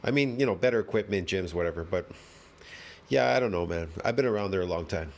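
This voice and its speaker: A man's voice: quick pace, gravelly. Sarcastic rambling male reaction host. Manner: sarcastic, rambling, trails off into low mutters. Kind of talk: casual reaction commentary.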